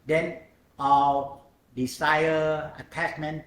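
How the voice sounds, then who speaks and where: A man giving a meditation talk, speaking slow, halting English in short phrases with pauses. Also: on the high side, fairly bright tone, roomy sound. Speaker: meditation teacher. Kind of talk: dharma talk on mindfulness.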